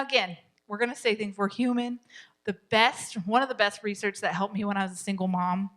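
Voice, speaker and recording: A middle-aged woman teaching a parenting class to a live group, chatty and lively, often laughing and acting out what parents and kids say. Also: mid-range voice. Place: church meeting room.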